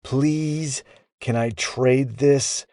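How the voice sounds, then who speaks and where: A man's voice: medium pitch, animated, slow pace, dry recording. A man voicing a bossy young boy who snaps orders and later forces out polite words. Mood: sheepish. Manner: bossy and snappy, turning grudgingly polite.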